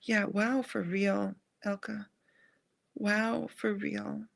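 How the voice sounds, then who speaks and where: A woman hosting a live angel card reading, speaking in a gentle, soothing and affirming way. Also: medium pitch, flat delivery, extremely slow, creaky, no echo. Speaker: angel card reader and live stream host.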